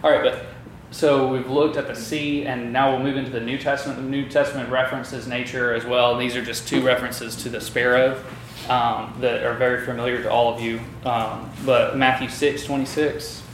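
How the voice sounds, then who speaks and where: A man's voice: mid-range voice, flat delivery, normal speed. Man teaching a Bible study, echoey room. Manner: thoughtful, with frequent fillers and restarts. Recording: echoey room with light noise.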